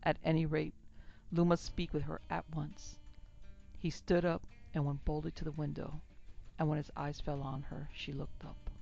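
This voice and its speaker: A woman narrating a classic western story in a measured, even reading. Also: deep voice, creaky, dull audio, faint music behind. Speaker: narrator and producer.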